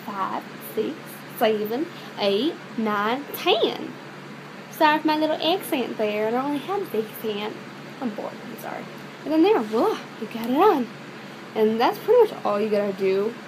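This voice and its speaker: A woman's voice: fairly high pitch, background noise. A woman chatting casually as she demonstrates a beauty product at home, rambling with lots of fillers. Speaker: beauty vlogger. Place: her room at home.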